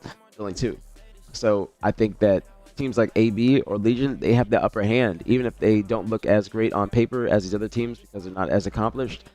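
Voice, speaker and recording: A man's voice: fairly low pitch, darkish tone. Rambling male streamer, faint music behind. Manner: loose, rambling, self-correcting, casual swearing. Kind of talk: casual live-stream commentary.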